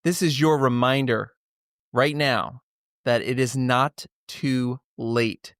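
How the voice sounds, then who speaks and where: A man's voice: medium pitch, steady tone, takes it slowly, fairly bright tone, no room sound, studio quality. A man hosting an upbeat podcast, enthusiastic and playful as he tells stories and welcomes guests. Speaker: podcast host.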